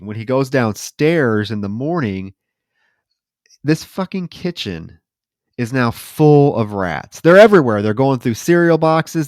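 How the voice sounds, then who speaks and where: A man co-hosting a podcast, retelling movie scenes in an animated, casual way and swearing freely. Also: mid-range voice, no room sound, studio quality. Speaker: podcast co-host.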